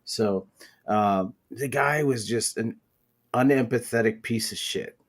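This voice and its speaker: A man's voice: mid-range voice, slow pace, husky. A man hosting a podcast, telling a story in casual, profane chat. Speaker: podcast host.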